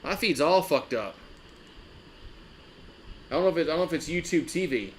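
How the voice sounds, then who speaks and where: A man's voice: a little high, animated, normal speed, a little hiss or hum. A man hosting a live sports fan stream, talking in a loose, rambling way with lots of restarts and frequent swearing.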